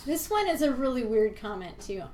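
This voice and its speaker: High-voiced woman in an echoey room. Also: very animated, a little fast. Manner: reads quoted reviews in a mocking, theatrical voice. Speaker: co-host, film reviewer. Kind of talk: casual podcast chat, reading reviews aloud. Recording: echoey room with faint background noise.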